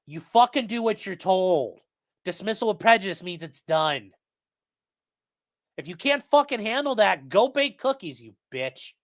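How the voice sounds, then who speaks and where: Profane, shouting legal livestreamer man. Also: sits high, normal speed. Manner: profane, shouting tirades between deadpan readings of court orders. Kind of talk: livestream rant.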